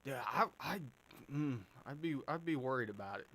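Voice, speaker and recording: A man's voice: mid-range voice, animated, normal speed, a bit bright, slight background noise. A man hosting a live stream, chatting casually and answering viewer questions with plenty of fillers and restarts. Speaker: livestream host answering chat.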